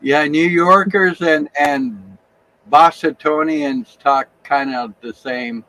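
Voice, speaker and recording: A man's voice: on the high side, slow, bright, forceful tone, no echo, low-quality recording. A man chiming in with short, wry remarks during a casual family chat. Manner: brief wry interjections.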